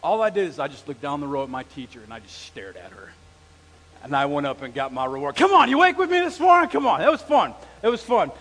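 A middle-aged male pastor preaches in an animated storytelling style, slipping into quoted voices as he speaks to the congregation. His voice sits high for a man. The sound carries a long reverb from the church hall. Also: quick pace. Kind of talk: sermon with storytelling.

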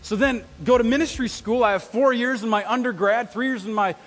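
Male pastor, higher voice, sermon in a reverberant church, humorous storyteller. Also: a little fast. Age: adult with a wife, past graduate study. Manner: lively storytelling with self-deprecating humor. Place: church sanctuary. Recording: long reverb of a church hall.

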